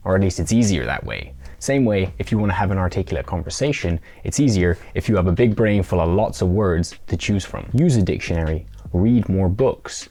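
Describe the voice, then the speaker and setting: A man's voice: low-pitched, mellow. A man presenting a scripted tutorial in a playful way, now and then acting out little mock conversations. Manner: playful, acts out mock dialogue.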